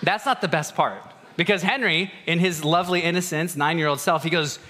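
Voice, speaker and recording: Man, thirties, pastor, conversational sermon, self-deprecating, bright tone, echoing church hall. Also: a little high, fairly quick. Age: 30s. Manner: conversational, self-deprecating, acts out family dialogue. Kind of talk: casual sermon with personal stories. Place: church auditorium. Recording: long hall reverb.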